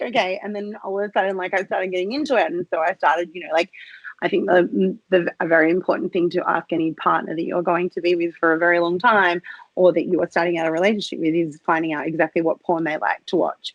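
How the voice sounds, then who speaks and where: A woman guest talks in a relaxed interview, laughing often and restarting her sentences. Her voice sits on the low side, and the sound is dry and close with a muffled, lo-fi quality. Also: dry recording. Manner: hesitant, many fillers and restarts. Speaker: podcast guest, cam model. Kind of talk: casual interview chat.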